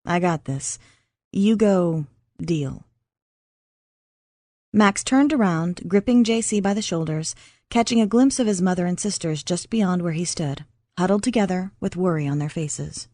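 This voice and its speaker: A woman narrating an audiobook in a measured, even reading. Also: fairly low pitch, no echo. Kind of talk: scripted narration.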